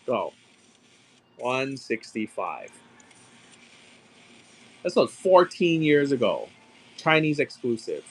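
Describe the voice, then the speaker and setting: A man in his thirties sells on a live stream, chatting casually and telling a story full of swearing while calling out sale numbers. His voice is medium-pitched and slightly rough, and he takes it slowly with frequent pauses. He comes across as a profane, animated storyteller running an auction.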